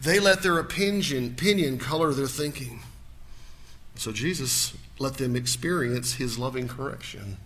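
A male pastor preaching a sermon in a church, swinging from loud to hushed. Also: medium pitch, moderate pace, a little hiss or hum.

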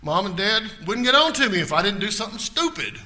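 A male pastor preaching a sermon in a church, swinging from loud to hushed. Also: sits high, big pitch swings, fast talker.

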